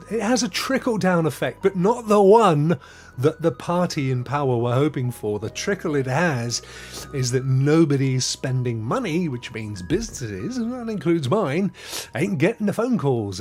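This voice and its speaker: A chatty man hosting a live stream, his voice sitting a little high and bouncing all over the place as he greets viewers. He keeps it upbeat and laughs easily, with soft music playing underneath. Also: slightly rough. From England. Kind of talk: casual live chat, reading viewer comments.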